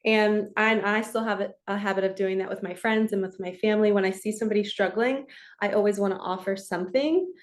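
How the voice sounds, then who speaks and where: A woman in her forties, working as a spiritual coach and reader, talks straight to camera in a loose, chatty monologue. Her voice sits at an ordinary middle pitch, and she stays earnest while laughing often. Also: steady tone, fast. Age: 40s.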